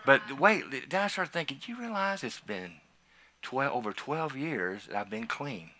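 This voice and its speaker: A man who is a pastor, telling a personal testimony in a sermon, swinging from quiet asides to loud, excited emphasis. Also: medium pitch, normal speed, a crowd in the background.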